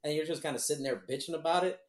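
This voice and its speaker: Casual guy, cursing freely, lively and laughing, roomy sound. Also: fairly high pitch, rapid-fire. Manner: animated, profane, laughs often. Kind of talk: casual crude chat.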